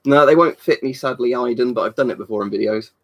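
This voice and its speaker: On a casual live stream, a young man talks fast in a medium-pitched voice. He wanders from topic to topic, swears freely, and answers comments from chat.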